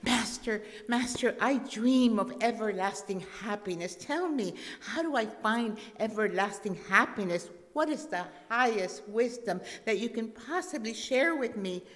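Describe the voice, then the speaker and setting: A woman's voice: a little high, expressive, unhurried, hardly any pauses, fairly bright tone. A woman voicing an eager young male student who pleads and presses his teacher with impatient questions. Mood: pleading. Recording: long reverb in a church hall.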